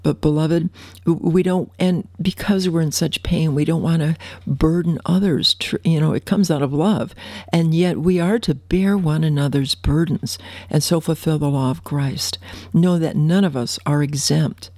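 A woman preaching a radio sermon, fervent and affectionate, reading scripture slowly. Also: low-pitched, fairly even intonation, mellow, no echo.

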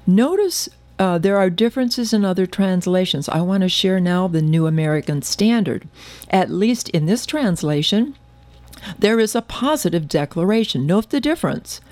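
A woman's voice: fairly low pitch, expressive, normal speed, a little mellow, no echo. A woman giving a sermon-style Bible teaching, earnest and emphatic with wry asides.

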